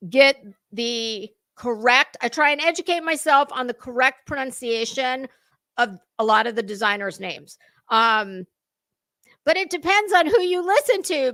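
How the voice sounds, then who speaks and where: A woman's voice: a little high, bright, forceful tone, no room sound. A middle-aged American woman, chatting casually and ramblingly as host of a live fashion commentary stream, self-deprecating and friendly with viewers. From United States.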